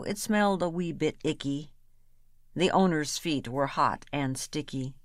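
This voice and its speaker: A woman's voice: on the low side, a bit bright, dry recording, clean studio sound. A woman reading comic rhyming verse aloud with a playful, rhythmic delivery. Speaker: reader.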